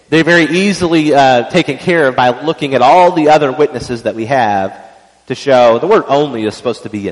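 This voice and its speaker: A man's voice: mid-range voice, in a large hall, low-quality recording. A man giving an evening church teaching in a conversational, explanatory way, with frequent fillers and restarts.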